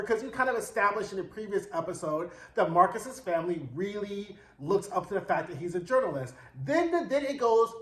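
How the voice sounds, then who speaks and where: A man with a high voice runs through a TV episode in a loose, sassy way, full of slang and swearing. He keeps slipping into the characters' lines as he tells it. The sound carries a noticeable room echo. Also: animated, fairly quick. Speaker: TV recap reviewer. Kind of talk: casual show recap.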